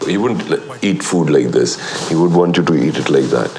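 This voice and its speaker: A man's voice: a bass voice, normal speed, slight background noise. A middle-aged man, a film actor in a documentary interview, telling anecdotes and acting out what others said. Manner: animated storyteller who acts out quoted lines.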